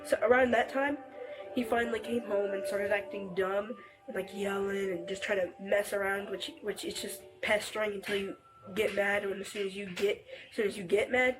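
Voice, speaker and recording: A woman's voice: mid-range voice, steady tone, poor audio. Rambling teenage girl on bodycam, music behind. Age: teens. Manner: halting and rambling, full of fillers and restarts. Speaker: family member reporting to deputy. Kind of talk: recounting events to police. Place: inside a family home. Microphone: officer's body camera.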